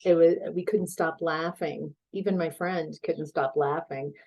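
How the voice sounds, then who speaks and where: A woman tarot reader in a relaxed, chatty reading, telling a story and laughing easily. Her voice sits a little low, with a warm, mellow tone and an unhurried pace. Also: poor audio.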